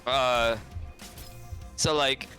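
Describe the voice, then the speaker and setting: A young man rambling deadpan and self-mocking in casual chat while playing a co-op game with a friend. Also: medium pitch, drawn-out words, faint music behind. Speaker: co-op gaming guest.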